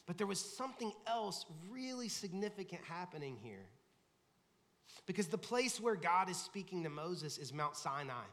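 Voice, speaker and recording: Conversational pastor in a reverberant sanctuary. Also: male voice, sits high, normal speed. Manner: conversational preaching, animated, acts out quoted voices. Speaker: lead pastor. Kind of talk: sermon. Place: large church sanctuary. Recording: long hall reverb.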